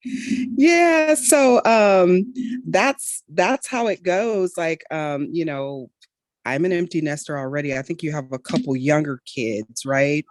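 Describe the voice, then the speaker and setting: Low-voiced upbeat woman podcast host. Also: takes it slowly, no echo. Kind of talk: casual chat.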